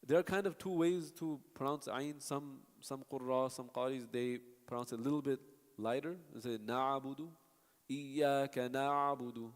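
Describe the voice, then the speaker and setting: A man's voice: mid-range voice, steady tone, normal speed, a little mellow. Guy teaching a class, patient, keeps demoing the sounds, echoey big room. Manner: patient, stops to demonstrate sounds and answer students. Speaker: Quran recitation teacher. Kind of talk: classroom teaching with spoken examples. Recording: long hall reverb.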